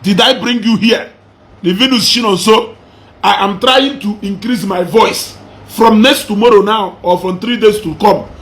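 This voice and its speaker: Brief: Igbo-accented Nigerian male commentator, high voice, combative, taunting, repetitive rant. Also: unhurried, fairly bright tone. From southeastern Nigeria. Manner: mocking, combative, repeats phrases for emphasis. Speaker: social media commentator.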